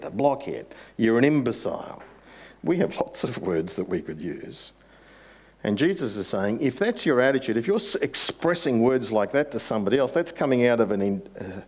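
Male pastor, low-pitched, conversational sermon delivery with building emphasis. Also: a little mellow.

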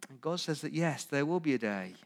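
A man who is a pastor preaching a sermon, building through loud repeated lists and pleading directly with his listeners. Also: on the high side, animated, brisk, creaky.

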